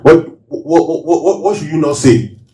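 With a fairly high, expressive voice and a dark tone, a pastor delivers a sermon at a moderate pace. He leads the congregation through call-and-response Bible reading and teaches from the verses. The hall is roomy and he sounds far off.

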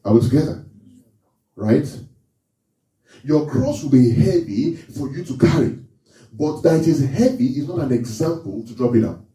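Man preaching, lively swooping delivery, very dark mellow tone, echoey church hall, heard from some distance. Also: on the high side, moderate pace, long pauses. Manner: animated, questioning the congregation. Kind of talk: sermon.

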